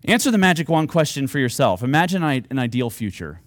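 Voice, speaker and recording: A man's voice: mid-range voice, sing-song, fast talker, dry recording. A man preaching a sermon, earnest and at times rising to fervent, pleading appeals. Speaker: pastor.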